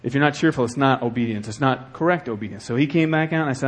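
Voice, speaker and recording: A man preaching a sermon as the church's pastor, swinging between hushed, earnest talk and loud, fervent exhortation. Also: medium pitch, quick pace.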